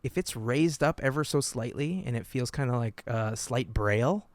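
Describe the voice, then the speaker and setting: A man co-hosting a podcast, telling stories in an animated, joking way and laughing often. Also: mid-range voice, normal speed, no echo. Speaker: podcast co-host. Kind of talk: casual podcast chat.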